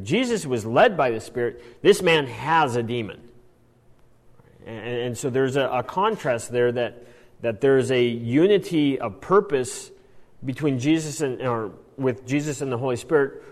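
A man teaching a Bible passage in an animated sermon style, often restarting his phrases. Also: medium pitch, big-room sound. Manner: animated, acts out quoted lines, frequent restarts. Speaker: preacher.

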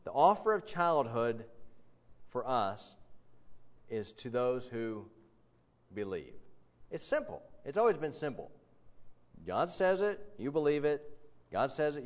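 A man preaching a sermon, earnest and emphatic, with frequent fillers and quick asides to the congregation. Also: medium pitch. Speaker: pastor. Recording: dull lo-fi sound.

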